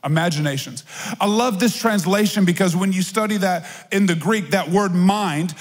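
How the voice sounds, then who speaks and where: A man's voice: high-pitched, fairly even intonation, normal speed, breathy edge. A man preaching a sermon as pastor, talking conversationally and animatedly, acting out little voices. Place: large church hall. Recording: long hall reverb.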